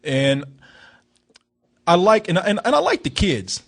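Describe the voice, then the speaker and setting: Husky, animated male film reviewer. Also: sits high, measured pace. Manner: animated, swearing, laughing. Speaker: film reviewer, podcast host. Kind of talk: casual chat.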